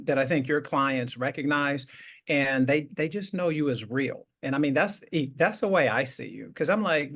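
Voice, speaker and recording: Host, man, slightly high voice, loose rambling talk, lots of restarts. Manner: rambling, warm praise with many restarts and laughs. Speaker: show host. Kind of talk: casual interview chat.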